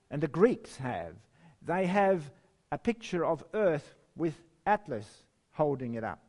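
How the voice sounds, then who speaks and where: A man preaching a sermon and reading scripture, slow and emphatic, with wide swings in pitch and loudness and the odd chuckle. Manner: chuckles now and then.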